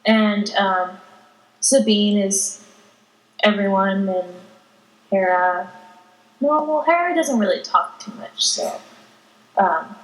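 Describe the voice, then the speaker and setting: A teenage girl chatting casually as a podcast guest, giggling and telling animated stories. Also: mid-range voice, slow pace, long pauses. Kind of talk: casual chat. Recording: echoey room.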